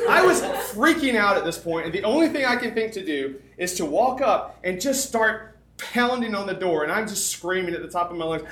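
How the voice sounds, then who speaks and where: Animated male preacher telling a story. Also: a little high. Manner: animated, dramatic storytelling with sudden shouts and laughs. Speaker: camp speaker. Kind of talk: storytelling sermon. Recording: echoey room, faint background noise.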